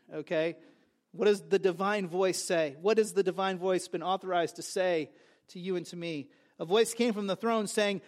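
A man preaching a sermon to a congregation, with emphatic repetitions and conversational asides. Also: high voice. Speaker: pastor.

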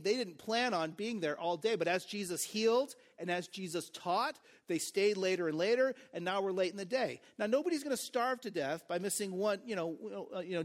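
A man preaching a sermon as pastor, in a casual, conversational way with joking asides, "like" and "right?". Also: high-pitched.

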